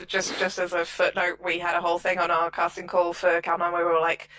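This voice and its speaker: A woman's voice: fairly low pitch, brisk, slight background noise, poor audio. A woman guest on a podcast, an audio drama producer, telling stories in casual chat and acting out quotes. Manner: animated storyteller, acts out quotes.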